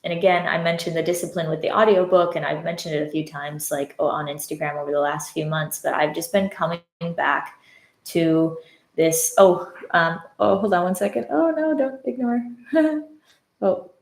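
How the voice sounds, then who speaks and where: A woman's voice: fairly low pitch, normal speed. Candid woman telling a story in an echoey room. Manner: candid, reflective storytelling with frequent "like" fillers. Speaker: podcast host and love coach. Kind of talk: casual live-stream monologue. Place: indoors at home, live on social media.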